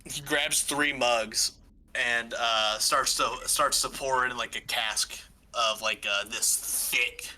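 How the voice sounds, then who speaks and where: A man's voice: medium pitch, steady tone, takes it slowly, sharp tone. A man running a tabletop game as game master, describing scenes in a loose, rambling way full of "like" and restarts.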